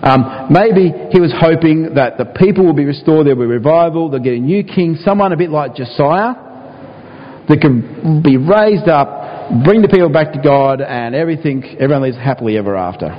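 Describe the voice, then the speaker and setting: A man's voice: a little high, moderate pace. A man preaching a sermon, sometimes acting out pleading prayers in a raised voice. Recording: dull, reverberant hall.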